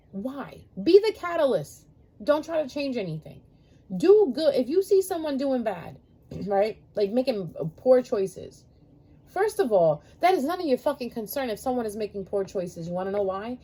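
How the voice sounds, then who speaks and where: Blunt, profane woman with a husky voice. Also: a little high, dark tone. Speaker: tarot reader. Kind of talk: casual horoscope monologue.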